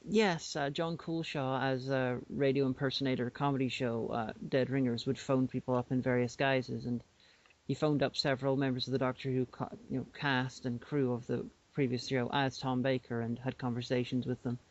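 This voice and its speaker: A man's voice: medium pitch, level tone, moderate pace. A man co-hosting a podcast, explaining things in a rambling casual way with many restarts. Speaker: podcast co-host. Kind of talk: casual chat. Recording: dull lo-fi podcast audio.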